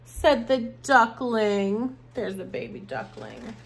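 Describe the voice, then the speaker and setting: Animated preschool teacher woman. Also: mid-range voice, takes it slowly, hardly any pauses. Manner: animated, exaggerated sounds for little children. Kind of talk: online preschool lesson.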